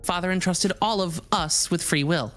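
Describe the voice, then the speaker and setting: Woman playing an earnest otherworldly being, naive, formal, low voice, faint music. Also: moderate pace, natural voice. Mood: resolved. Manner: earnest, formal and a little hesitant. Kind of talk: live reading of a visual novel.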